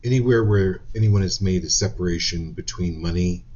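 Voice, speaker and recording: A man with a very low voice leads a live-stream card reading, speaking casually and with lively storytelling. The sound is slightly dull and lo-fi. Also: normal speed. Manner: storytelling, animated retelling of quotes. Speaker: psychic reader.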